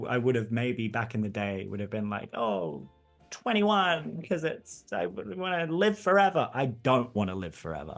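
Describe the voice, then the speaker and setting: A man from England, a guest in a casual interview, talking in an animated way and laughing often. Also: mid-range voice.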